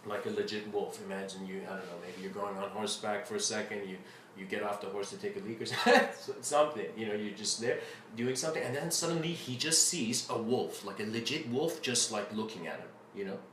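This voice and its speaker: A man's voice: on the low side, fairly quick. Rambling man in a roomy space. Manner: rambling, full of fillers and restarts. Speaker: spiritual lecturer. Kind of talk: casual spoken lecture. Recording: roomy with faint ambient noise.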